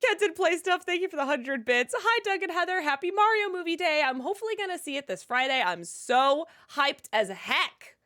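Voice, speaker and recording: A woman's voice: very high voice, very animated, brisk, hardly any pauses, pushed and bright. A woman co-hosting a live stream, reading viewer messages aloud in an upbeat way. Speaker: co-host reading chat messages.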